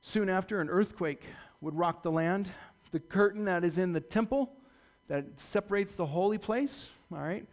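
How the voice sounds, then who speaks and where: A man preaching a sermon, retelling a story dramatically and swinging from loud to hushed delivery. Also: sits high, normal speed. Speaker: pastor.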